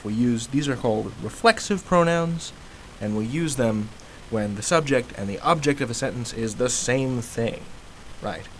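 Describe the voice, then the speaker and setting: Male video teacher, mid pitch, animated delivery, talks to "grammarians" in a relaxed way. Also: a little hiss or hum, poor audio. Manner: chatty and animated, acts out example sentences. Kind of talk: casual video lesson.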